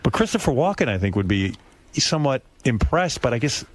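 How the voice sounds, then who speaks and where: Male radio host, quick and wry, lively swooping delivery. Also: medium pitch. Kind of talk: radio chat.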